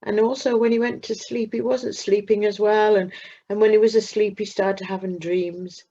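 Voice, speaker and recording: A woman narrating a children's story in a slow, expressive way with dramatic pauses. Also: medium pitch. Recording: muffled lo-fi recording.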